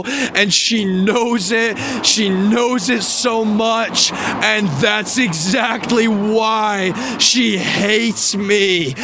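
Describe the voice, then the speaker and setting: High-voiced ranting young man. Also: slight background noise. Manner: profane, shouting, laughing bitterly. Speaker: vlogger. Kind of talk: angry rant to viewers.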